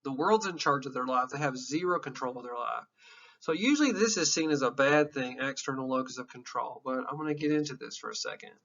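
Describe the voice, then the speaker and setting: Emotional open guy in his fifties teaching psych class, tense bright tone, muffled lo-fi sound. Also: medium pitch, animated, a little fast, creaky. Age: 50s. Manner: candid, emotional, profane, laughs often. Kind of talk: informal classroom lecture.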